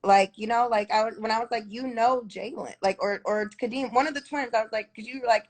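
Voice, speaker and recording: A woman's voice: fairly high pitch, fairly even intonation, a little fast, hardly any pauses. Defensive woman, lots of fillers. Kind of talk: heated conversation.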